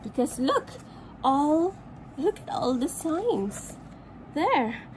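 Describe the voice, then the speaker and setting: A Malaysian woman teacher reads a picture book aloud to children, breaking off for chatty asides about the pictures and pointing them out to her young listeners. Her voice sits high and is very animated, and she speaks extremely slowly. The audio is poor, with a little hiss or hum.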